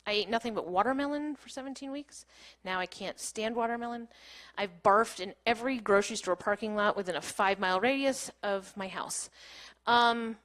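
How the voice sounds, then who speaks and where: A woman's voice: mid-range voice, moderate pace, a bit bright. A woman in her thirties giving a candid storytelling talk on a small stage, laughing often and saying "like" a lot. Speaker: keynote speaker.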